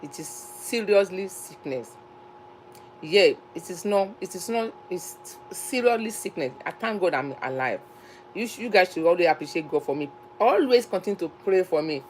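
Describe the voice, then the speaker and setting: A woman with a Nigerian accent hosts a casual live chat, talking in a chatty, emphatic, repetitive way. Her voice sits fairly low for a woman. A faint hiss runs under the recording. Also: expressive, moderate pace, a little mellow, poor audio. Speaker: live stream host.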